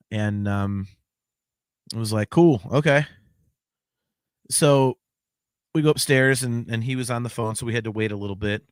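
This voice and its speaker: Podcast guy rambling excitedly thru a story, cusses a lot, dry close sound. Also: on the low side, moderate pace, long pauses, dry recording. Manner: rambling, excited, swears casually. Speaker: podcast host. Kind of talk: casual storytelling chat.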